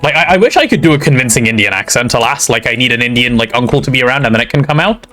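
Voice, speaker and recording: A male streamer chats casually while playing a game, his pitch bouncing around animatedly. He teases his friend and mutters to himself between moves. Faint music plays behind him. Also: lively intonation, racing, pushed and bright. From Britain. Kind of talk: casual gaming stream chat.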